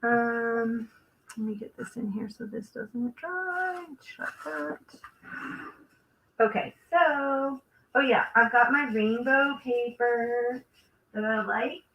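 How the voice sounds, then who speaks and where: A woman's voice: a little high, fairly even intonation, slow pace, fairly bright tone, a little hiss or hum, rough recording. A woman hosting a live crafting stream, chatting casually and thinking aloud as she works. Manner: chatty, thinks aloud while working, trails off. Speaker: craft livestream host.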